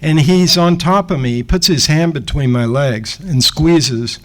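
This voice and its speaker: A man in his sixties, a guest speaker giving a lecture and telling an animated anecdote, acting out the people in it. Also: on the high side, measured pace, rough recording. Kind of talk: storytelling lecture.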